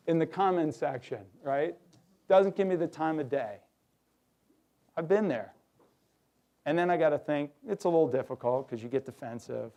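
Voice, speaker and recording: A middle-aged man giving a lively workshop talk to an audience, acting out quoted voices. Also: fairly high pitch, normal speed, long pauses. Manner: animated, acts out quoted voices. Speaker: workshop speaker. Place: hotel conference room.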